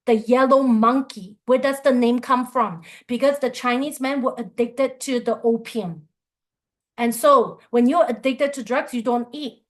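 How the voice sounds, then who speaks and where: A woman coach giving a motivational talk, telling earnest personal stories. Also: sits high. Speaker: qigong and life coach.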